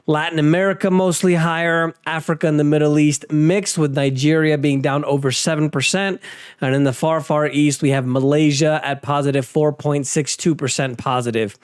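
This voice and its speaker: A man's voice: on the high side, steady tone, moderate pace, smooth, dry recording, clean studio sound. A man hosting a casual market and crypto news rundown, talking offhand with sarcastic asides and frequent restarts. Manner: frequent restarts and fillers, conversational. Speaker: host.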